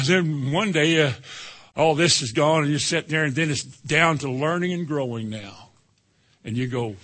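A man preaching a sermon in a folksy, animated way, breaking into sudden high exclamations. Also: normal speed. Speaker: pastor.

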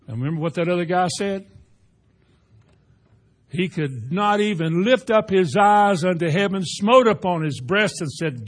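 A man preaching a folksy sermon, rising to loud emphatic peaks. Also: high-pitched, measured pace. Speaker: pastor.

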